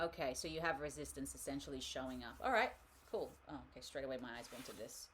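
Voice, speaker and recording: Here the tarot host sounds deep and a bit bright, speaking briskly with few pauses amid slight background noise. She keeps things chatty and rambling during the live reading, laughing a lot.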